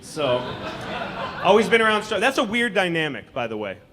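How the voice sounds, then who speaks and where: A man performing a stand-up comedy set on a comedy club stage, talking in an animated, conversational, mocking way. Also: sits high, normal speed.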